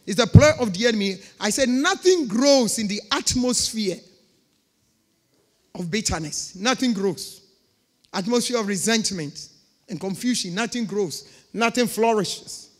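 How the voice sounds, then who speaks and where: A woman's voice: a little high, animated, a little slow. A woman pastor preaching a sermon with emphatic, repeated phrases. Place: church. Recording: long reverb of a church hall.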